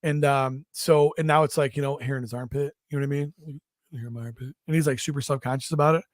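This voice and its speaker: A man's voice: mid-range voice, fairly even intonation, fast talker, no room sound, clean studio sound. A middle-aged man co-hosting a comedy podcast, rambling through crude stories about raising kids with profane asides. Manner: profane, rambling storytelling with mocking impressions. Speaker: podcast co-host.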